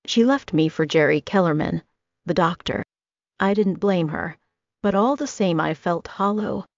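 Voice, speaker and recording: A woman's voice: lowish voice, gravelly, no echo. A woman narrating a first-person audiobook romance in a wry, comic storytelling manner. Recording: dry, dull lo-fi recording.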